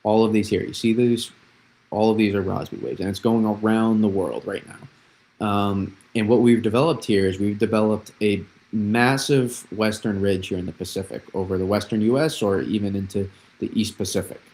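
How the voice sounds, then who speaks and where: A man's voice: lowish voice, steady tone, moderate pace, darkish tone, poor audio. A young man hosting a live weather analysis stream, explaining patterns with repeated phrases and frequent restarts. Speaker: weather forecaster, host.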